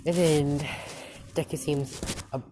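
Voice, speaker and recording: A woman telling an improvised fan story in a halting, loose way, with quick quoted lines. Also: deep voice, steady tone, background noise.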